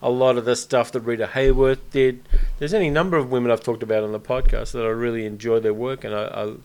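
A man's voice: medium pitch, steady tone, quick pace, a little mellow, clear, resonant tone. A man hosting a podcast in casual film chat, blunt and opinionated, swearing freely as he argues. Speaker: podcast host.

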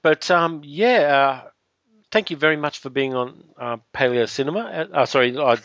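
A man's voice: on the high side, moderate pace, fairly bright tone, dry recording, dull audio. A man hosting a podcast in casual chat, rambling with lots of ums and correcting himself as he goes. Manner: rambling, filler-heavy, self-correcting. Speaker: podcast host.

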